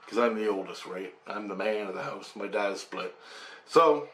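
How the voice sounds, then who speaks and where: A man from Canada telling a personal story in a casual, animated way, mimicking rotor sounds, swearing and laughing as he goes. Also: fairly low pitch, moderate pace. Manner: animated, imitates rotor sounds and acts out quoted voices.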